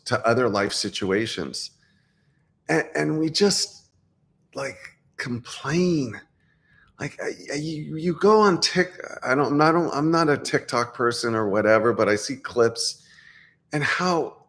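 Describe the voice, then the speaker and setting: A man, a life coach, talking straight to camera in a blunt, opinionated way with many restarts. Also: mid-range voice. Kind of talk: casual talking-head monologue.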